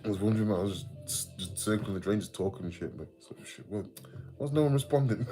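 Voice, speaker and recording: A man's voice: on the low side, brisk, mellow, faint music behind. A man with an English Midlands accent, rambling casually on a livestream, swearing freely and reading out viewer comments. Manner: chatty and rambling, sweary, laughs often, reads out viewer comments. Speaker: livestream host.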